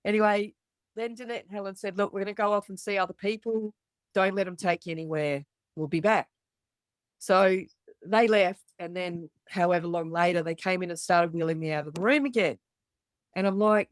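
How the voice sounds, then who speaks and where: A woman's voice: medium pitch, normal speed, dry recording. Blunt Australian woman telling a story. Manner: blunt, swears freely, acts out the voices of others. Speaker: podcast guest. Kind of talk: candid storytelling.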